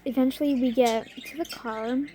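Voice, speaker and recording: A young woman vlogger with a high, bright voice tells a story straight to camera. She talks in an excitable, animated way, full of gasps and little laughs. Faint noise sits behind her voice. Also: fairly quick.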